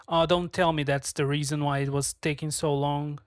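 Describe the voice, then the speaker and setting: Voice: mid-range voice, flat delivery, normal speed, no echo, clean studio sound. A streamer talking casually on a live stream while working, frustrated, swearing a lot and muttering to themselves.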